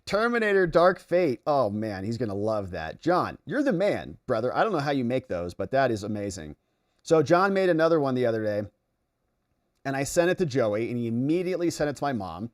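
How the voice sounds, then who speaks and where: On his political commentary livestream, an American man reads viewer chat out loud and responds at a brisk pace. His reactions veer from loud, excited outbursts to muttered asides.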